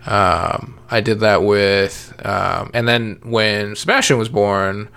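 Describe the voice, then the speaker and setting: A man's voice: fairly low pitch, slow pace, gravelly, fairly bright tone. A man talking casually about parenting and cars, rambling with many fillers and restarts. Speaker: parent podcast guest. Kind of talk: casual chat.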